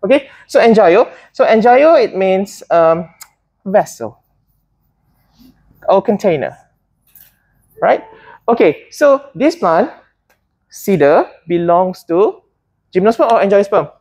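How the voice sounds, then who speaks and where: Woman teacher, husky voice, halting delivery, questions to the class. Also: medium pitch, very animated, darkish tone. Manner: hesitant, many fillers and restarts, asks students questions. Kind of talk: classroom botany lesson.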